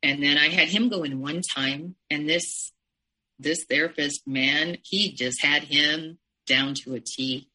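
A woman with a husky, low-pitched voice that still comes across bright and forceful. She recounts her own experiences in a halting, emotional way, restarting sentences and leaning on "you know". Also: low-quality recording. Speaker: interview guest. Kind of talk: personal storytelling in conversation.

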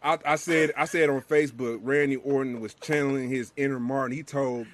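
An excitable man in casual chat, laughing and shouting out quoted lines. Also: medium pitch, fairly quick, slight background noise.

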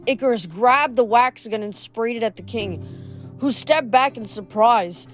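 A woman's voice: on the high side, a little slow, faint music behind. A woman reading chapters of a novel aloud, often stumbling over words and restarting. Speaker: reader.

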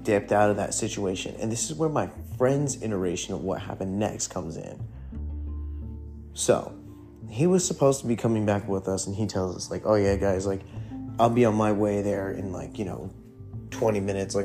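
Low-voiced man telling a spooky story. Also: warm tone. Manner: profane, rambling, heavy with fillers. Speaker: podcast host telling a ghost story. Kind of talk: casual storytelling. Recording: faint guitar music behind.

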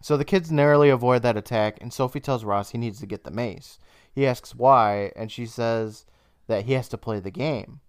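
A young man co-hosting a podcast, casually retelling an episode's plot with laughs and quick bursts of high mock voices. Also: smooth, no echo, studio quality. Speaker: podcast co-host. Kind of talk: casual recap chat.

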